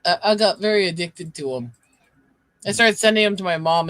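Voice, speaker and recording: A man chatting on his stream in a bright, crisp voice. He talks loosely, swears and laughs easily. The sound is close and dry, with no room around it. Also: on the high side, normal speed, no room sound. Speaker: streamer host. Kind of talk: casual chat.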